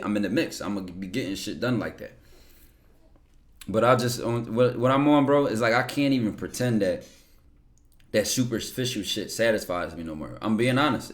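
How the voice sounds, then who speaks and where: A man's voice: mid-range voice, fairly bright tone. A young man talking casually on a stream, answering viewer questions bluntly with lots of slang and cursing. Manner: blunt, slangy, curses freely, repeats words. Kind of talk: casual livestream talk.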